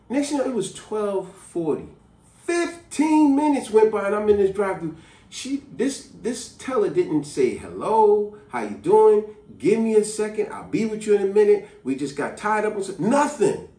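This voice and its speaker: Animated man telling a story. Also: high voice. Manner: animated, emphatic, conversational. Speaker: vlogger. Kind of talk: storytelling to camera. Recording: echoey room, distant mic.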